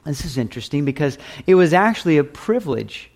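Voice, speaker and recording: A man's voice: on the high side, big pitch swings, fast talker, darkish tone. A middle-aged male pastor preaching a conversational sermon, earnest and plain-spoken, acting out quotes as he teaches.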